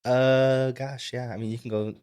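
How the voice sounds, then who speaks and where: A man's voice: medium pitch, normal speed, clean tone. Young man rambling in casual podcast chat. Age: young adult. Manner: relaxed, rambling, lots of "like". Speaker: podcast co-host.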